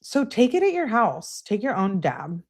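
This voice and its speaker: A woman's voice: very animated, moderate pace, darkish tone. A woman live-streaming, reading text messages aloud with heated emphasis and dropping to dry asides to comment and answer her chat. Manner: reads texts in a raised, heated voice and comments in a lower, dry aside; talks back to chat viewers. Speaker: true crime live streamer.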